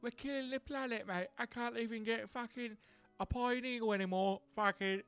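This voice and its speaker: A man's voice: very high voice, fairly even intonation, normal speed, fairly bright tone, smooth, no room sound, faint music behind, voice pushed up. A man voicing a coarse London commuter who swears and grumbles. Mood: grumbling.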